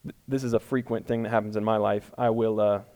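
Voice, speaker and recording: A man's voice: on the low side, little pitch movement, fast, a little mellow. Casual, self-deprecating male preacher. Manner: casual, self-deprecating, builds to emphatic peaks. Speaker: pastor. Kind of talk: conversational sermon. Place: church room before a congregation.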